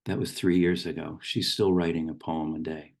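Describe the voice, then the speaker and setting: A middle-aged man giving a gentle, unhurried reflective talk as a meditation teacher, with small restarts. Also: low voice, flat delivery, gravelly.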